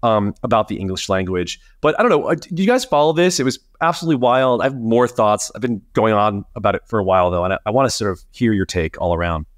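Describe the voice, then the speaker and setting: A man co-hosting a podcast in casual chat, talking animatedly and swearing, his pitch jumping up when he gets indignant. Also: lively intonation, fast, hardly any pauses, no echo, clean studio sound. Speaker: podcast co-host.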